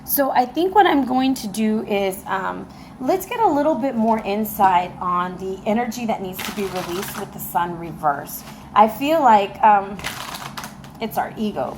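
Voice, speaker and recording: A woman giving a casual tarot reading to camera, excitable and emotional, talking straight to her viewers. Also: medium pitch, a little slow, noisy background. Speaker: tarot reader. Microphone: camera mic.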